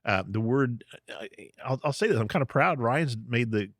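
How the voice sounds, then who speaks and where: Co-hosting a podcast, a man teaches on the Bible in casual chat, walking through ideas step by step and laughing easily. His medium-pitched, fairly bright voice has lively intonation at a normal pace, captured in a dry, studio-quality recording.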